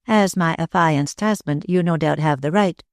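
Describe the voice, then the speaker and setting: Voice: medium pitch, moderate pace, dry recording, clean studio sound, natural voice. A narrator voicing a proud, bitter young woman. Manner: steady and bitter. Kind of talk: audiobook character reading.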